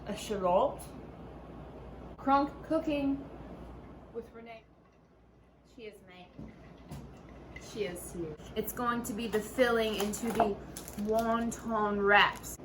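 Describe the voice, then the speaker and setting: A woman's voice: on the high side, takes it slowly, pauses often. A woman hosting a casual home cooking video in her kitchen, talking in playful, profane mock-chef banter. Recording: noisy room ambience.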